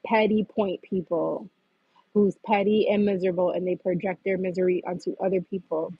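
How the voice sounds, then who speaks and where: A woman's voice: lowish voice, flat delivery, moderate pace, husky, dry recording, muffled recording. A woman hosting a livestream, venting bluntly and profanely in a heated rant. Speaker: livestream host.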